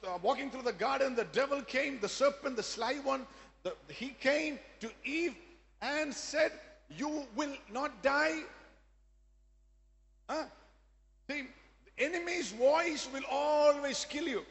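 Man, very high voice, emphatic sermon, long echoing hall reverb. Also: a little slow. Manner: emphatic preaching with call-and-response asides. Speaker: pastor.

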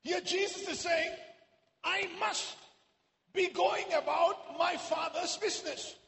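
Man preaching a sermon, really high voice, big echoey church hall, gets shouty. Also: steady tone, slow, creaky. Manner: rises to shouting exclamations.

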